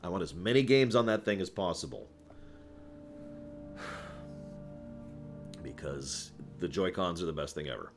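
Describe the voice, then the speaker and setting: Chatty low-voiced male streamer. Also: animated, measured pace, pauses often, soft background music. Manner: rambling, self-correcting, chuckles often. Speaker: streamer answering viewer questions. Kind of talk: casual live-stream Q&A.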